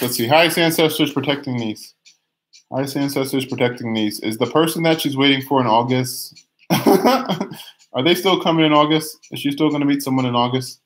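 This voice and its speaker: A young man giving live tarot readings on a stream, chatty and teasing, reading viewer comments aloud, often restarting his phrases. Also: mid-range voice. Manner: many restarts and drawn-out phrases, sometimes sings a line. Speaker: tarot reader.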